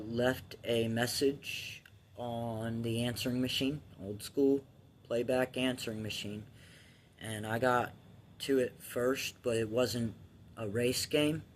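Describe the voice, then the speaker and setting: A man's voice: medium pitch, slow pace. Guy in his 30s telling his story, rambly and blunt, swears a lot, lots of ums, faint hiss behind him. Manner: candid, rambling, profane, with restarts and filler ums. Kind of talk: casual personal storytelling.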